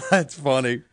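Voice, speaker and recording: A man's voice: medium pitch, fairly bright tone, no echo, clean studio sound. A man co-hosting a podcast, introducing audio clips with casual, amused chat. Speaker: podcast co-host.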